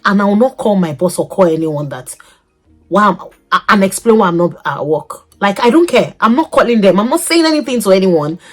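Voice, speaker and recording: Lively young woman telling a story. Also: medium pitch, breathy edge. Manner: animated, laughing, swings between loud outbursts and soft asides. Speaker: vlogger. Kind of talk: casual storytelling to camera.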